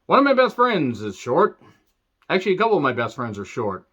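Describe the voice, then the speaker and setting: A man's voice: a little high, wildly swooping pitch, fairly quick, bright, forceful tone, slightly rough. A man giving a casual, rambling wrestling review with sarcastic, crude humor. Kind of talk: casual spoken video review. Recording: dull lo-fi sound.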